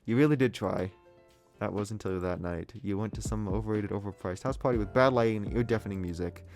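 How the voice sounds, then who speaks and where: Young guy reading a dating game out loud, jokes and swears a lot, some music in the background. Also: fairly low pitch, quick pace. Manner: joking, self-deprecating, swears casually. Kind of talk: reading a visual novel aloud with jokes.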